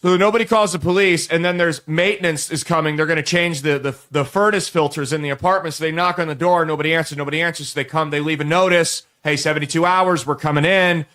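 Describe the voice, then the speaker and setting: With a sharp tone on the high side, this show host in his late twenties speaks fairly quickly with fairly even intonation and hardly any pauses. He tells viewers a crude, rambling comic story head-on, restarting again and again in a comedic monologue.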